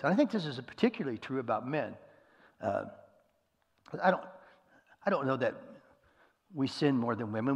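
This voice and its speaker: A middle-aged man delivers a folksy, self-deprecating sermon in a husky, gravelly voice. His words ring out with the long reverb of a big hall. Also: mid-range voice. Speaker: pastor. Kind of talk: conversational sermon.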